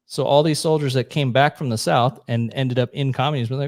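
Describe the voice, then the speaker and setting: A man's voice: mid-range voice, steady tone, brisk, hardly any pauses, no echo, clean studio sound. Blunt, profane man explaining history. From United States. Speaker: podcast co-host. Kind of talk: casual chat.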